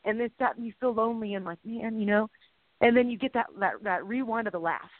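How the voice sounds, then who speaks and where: Here the co-host is a middle-aged woman on a faith-based chat show, speaking at a quick pace in an emotional, rambling style punctuated by playful sound effects. Her pitch is fairly high, and the recording is dry, tinny, and phone-like.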